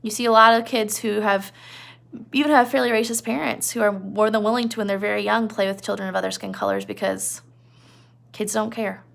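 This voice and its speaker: Gravelly-voiced woman teaching a novel. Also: medium pitch, animated, a little fast, fairly bright tone. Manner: conversational, explains with asides and checks. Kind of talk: classroom lecture retelling a novel.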